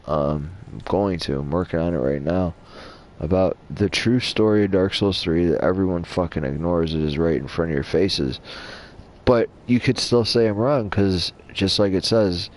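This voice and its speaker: Male gaming host with a deep, low voice, casual and foul-mouthed, rambling through lore commentary. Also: moderate pace, a little mellow. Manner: casual, rambling, heavy swearing. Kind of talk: lore commentary over gameplay.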